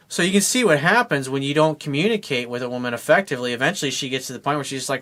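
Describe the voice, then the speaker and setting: Talking fast with hardly any pauses, a man coaches viewers on dating directly to camera, bluntly and emphatically. His voice is a little high and fairly bright, and he acts out both sides of a couple's talk.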